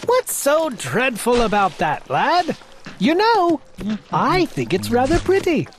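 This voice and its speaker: A woman's voice: sits high, wildly swooping pitch, slow, slight background noise, voice pushed up, heavily acted. A woman voicing a vain, boastful male captain of the guards in a storybook, dismissive and pompous.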